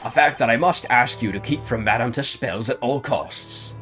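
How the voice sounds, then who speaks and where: A man voicing a pompous, eccentric gentleman detective in a game, with flowery, self-assured speech. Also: medium pitch, normal speed, soft background music, close to an everyday voice. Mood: grandiose. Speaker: game streamer reading dialogue.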